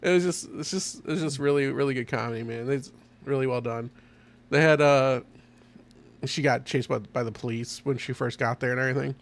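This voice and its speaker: A man chatting casually on his podcast, eager and rambling. He laughs often as he goes, and his voice sits at a middle pitch. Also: brisk. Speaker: podcast host. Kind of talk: casual chat.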